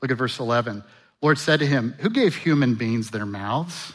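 A male pastor delivers a sermon in a bright, energetic voice, pitched in an ordinary middle register. He asks the congregation questions and dramatizes scripture by voicing its characters. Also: normal speed. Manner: animated, acts out Bible voices, rhetorical questions.

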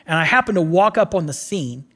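A man preaching a casual sermon, telling the story with animated voices and quick asides. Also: a little high, long reverb tail. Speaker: pastor.

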